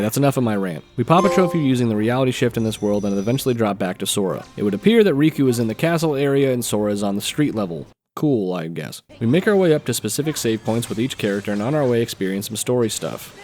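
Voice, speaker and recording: A man's voice: mid-range voice, a little mellow. A man narrating gameplay as a trophy hunter, with dry, joking asides.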